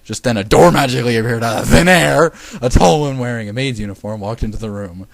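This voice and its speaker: Young guy reading a story out loud, trips over words, cusses a lot, flat dead room. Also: mid-range voice, fast, creaky, no room sound, rough recording. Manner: stumbling, laughing asides, swearing. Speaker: amateur reader. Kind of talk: reading fanfiction aloud.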